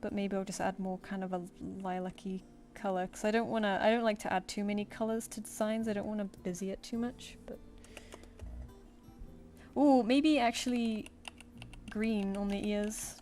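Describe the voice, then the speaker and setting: A woman's voice: medium pitch, fairly even intonation, normal speed, darkish tone, soft background music. A woman streaming while she draws, thinking aloud and answering her viewers in casual chat. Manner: chatty, thinks aloud, reads chat comments and answers them. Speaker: streamer drawing live.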